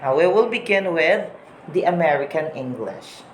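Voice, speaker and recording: Woman, teacher, repeats words slowly, echoey room, faint background noise. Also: sits low, expressive. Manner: slow, repeats example words to model pronunciation. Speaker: English teacher. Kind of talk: recorded lesson on English accents.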